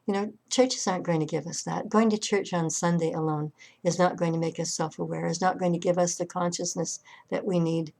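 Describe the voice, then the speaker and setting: A woman's voice: lowish voice, fairly even intonation, brisk, vocal fry, a little mellow. A middle-aged woman minister preaching an online sermon in a conversational way, often restarting and repeating words. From Canada. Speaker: senior minister.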